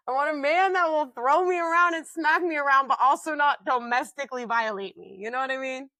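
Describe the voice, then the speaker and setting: A woman in her twenties co-hosting a podcast, telling stories in a loud, boisterous way with lots of swearing and laughter. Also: sits high, moderate pace, no room sound. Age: 20s. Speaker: podcast co-host. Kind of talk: casual chat.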